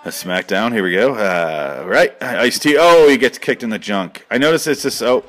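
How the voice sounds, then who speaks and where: Excitable man doing joke wrestling commentary. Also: mid-range voice, brisk, few pauses. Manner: excitable, rambling, with sudden shouted bursts. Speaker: mock commentator. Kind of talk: comedic mock wrestling commentary.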